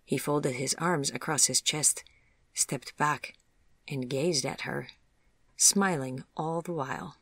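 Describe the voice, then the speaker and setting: Reading a storybook tale in a husky, middle-pitched voice, this audiobook narrator sounds gentle and measured, never hurrying. It's recorded close and dry without any echo.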